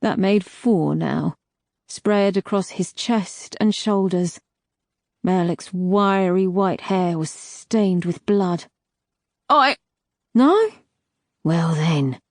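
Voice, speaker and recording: A woman reading a dark fantasy audiobook in a slow, measured narration. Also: lowish voice, fairly even intonation, no room sound, clean studio sound.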